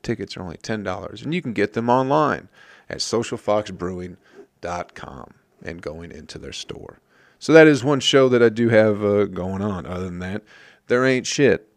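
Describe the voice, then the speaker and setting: Swearing podcast host with a gravelly voice. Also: male voice, mid-range voice, dry recording. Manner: loud, swearing, rambling. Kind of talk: casual profane podcast monologue.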